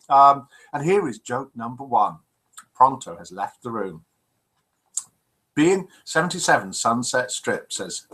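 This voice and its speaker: A man's voice: medium pitch, big pitch swings, a little slow, a bit bright, slightly rough, poor audio. A man over fifty hosting a live online chat show, chatty and teasing as he reads out viewer comments. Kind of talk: casual live-stream chat reading out messages.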